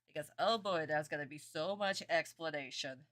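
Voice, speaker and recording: Her voice is deep but fairly bright, with lively intonation, a normal speed, and few pauses. She's a young adult streamer chatting through a cartoon episode, answering viewer comments and addressing chat as sweeties and honey.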